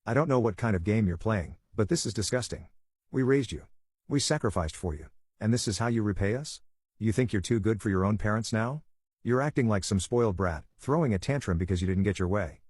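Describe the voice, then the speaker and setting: A man's voice: lowish voice, brisk, darkish tone, husky, no room sound, clean studio sound. A man voicing an angry, guilt-tripping middle-aged father who talks in a scoffing, dismissive way. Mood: scornful.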